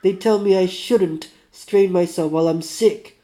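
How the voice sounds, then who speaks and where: A man voicing a bitter, sickly male metalworker under forty in a put-on Russian accent, loud and snappish. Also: high voice, unhurried, voice pushed up. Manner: snappish, raised, belligerent.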